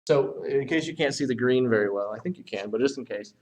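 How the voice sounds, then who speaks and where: A man's voice: medium pitch, darkish tone, far from the mic, slight background noise, rough recording. Man teaching a writing lesson. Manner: talks while writing on a board, pausing and self-correcting.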